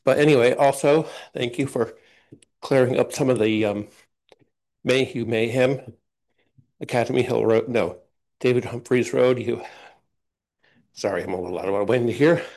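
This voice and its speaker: A man stands at the public comment microphone of a town council meeting and talks unscripted. He rambles, circling back and padding his points with fillers. His voice sits at an ordinary middle pitch. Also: a little mellow. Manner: rambling, loose, many "you know" fillers and restarts. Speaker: resident speaking at public comment.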